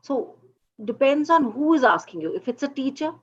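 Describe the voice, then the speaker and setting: Woman, Indian English accent, workshop speaker on a video call, fairly high voice, dull lo-fi audio, meandering. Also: big pitch swings, normal speed. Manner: meandering, trails off softly. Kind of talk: online workshop answer.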